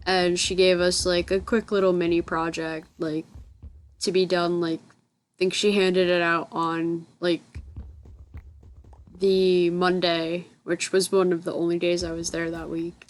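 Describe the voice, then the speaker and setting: A young woman from the United States telling a rambling story in a casual voice-over, often stopping to correct herself. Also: fairly low pitch. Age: young adult. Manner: rambling, self-correcting, chatty. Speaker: gaming channel host. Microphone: voice-over recorded separately from the game footage.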